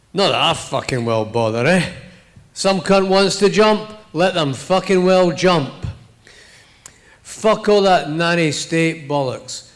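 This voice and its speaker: Swaggering Scottish man reading aloud. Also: a little high. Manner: profane, blunt, swaggering first-person delivery. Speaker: author reading his fiction. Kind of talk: live public reading in a crude first-person dialect voice.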